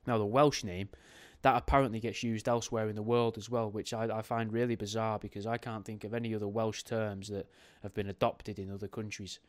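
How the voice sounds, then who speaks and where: A man's voice: on the low side, flat delivery, fairly quick, few pauses. A man hosting a podcast in a casual, rambling, jokey way, often correcting himself mid-sentence. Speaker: podcast host.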